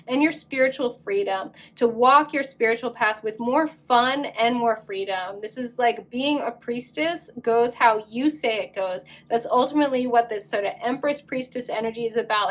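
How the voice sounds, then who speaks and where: A woman giving a pick-a-card tarot reading in an effusive, excitable way, full of gushing exclamations. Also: on the high side. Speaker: tarot reader.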